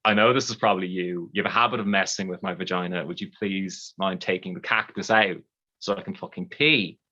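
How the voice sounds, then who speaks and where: A shameless young woman, as an Irish storyteller puts her on, flat and offhand in her delivery. The voice sounds bright over slightly dull livestream audio. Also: deep voice, brisk, pitched below the performer's own voice.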